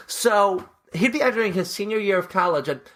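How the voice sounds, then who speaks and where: A man's voice: high voice, animated, brisk, a bit bright, a little hiss or hum. A young man from New Jersey co-hosting a casual sports podcast, joking and putting on mock-somber tributes. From New Jersey, USA. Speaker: podcast co-host.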